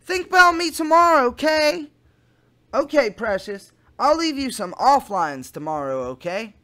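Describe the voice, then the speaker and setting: A man doing a slow, syrupy online sweet-talker. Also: very high-pitched, very animated, sharp tone, voice pushed up, exaggerated voice. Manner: slow, syrupy, doting delivery. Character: smarmy adult man sweet-talking online.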